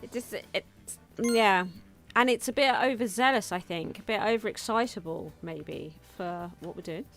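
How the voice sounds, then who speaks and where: Faint game music plays behind a woman hosting a gaming video, chatting as she plays, thinking aloud and frequently laughing at herself. Her voice is medium-pitched and fairly bright, at a normal speed with hardly any pauses.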